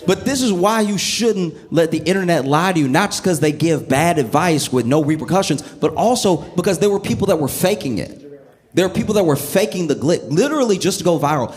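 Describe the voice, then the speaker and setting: A man telling a stand-up comedy bit with animated storytelling, the audience laughing along. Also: a little high, a little fast.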